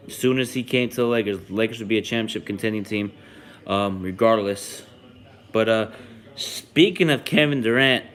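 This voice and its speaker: A young man hosting a sports podcast, chatting casually and rambling with frequent ums and restarts. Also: mid-range voice. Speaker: podcast host.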